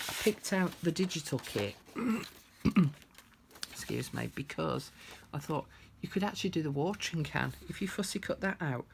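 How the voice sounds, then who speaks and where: A woman's voice: deep voice, gravelly, slight background noise. A woman chatting casually through a craft tutorial, thinking aloud as she works.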